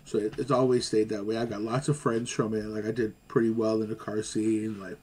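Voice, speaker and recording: A man telling stories in casual chat as a guest, animated and slangy, laughing along. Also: fairly low pitch, brisk, slight background noise.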